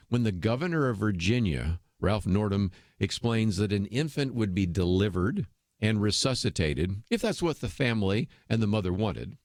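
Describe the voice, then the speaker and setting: A man's voice: on the low side, dry recording, studio quality. A man hosting a radio talk show, delivering an earnest, persuasive commentary with frequent fillers and restarts.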